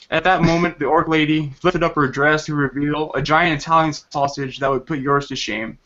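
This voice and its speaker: A man's voice: on the high side, fairly even intonation, normal speed, sharp tone, dull audio. Man reading a crude comic story, laughing. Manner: laughs while reading crude lines, stumbles over words. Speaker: podcast host reading a story.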